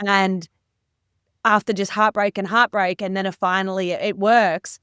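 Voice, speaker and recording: A woman's voice: medium pitch, steady tone, unhurried, clear, resonant tone, no echo, studio quality. Affirming woman host. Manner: warm, affirming, gently rambling questions. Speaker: podcast host. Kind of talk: interview conversation.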